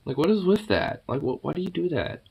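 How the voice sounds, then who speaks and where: A man talks to his pets at home in a casual, swear-laden, teasing way. He sounds fond underneath the insults and slips into soft baby talk. His pitch swings widely from line to line. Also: sing-song, brisk, vocal fry, husky. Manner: playful teasing with frequent swearing. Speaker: pet owner talking to his cats.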